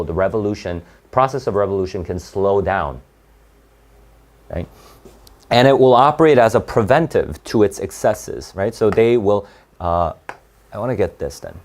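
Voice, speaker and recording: Male tutor, slightly low voice, casual think-aloud lesson. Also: darkish tone. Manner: thinks aloud, restarts, frequent "right?". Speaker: test prep tutor. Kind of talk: online reading lesson.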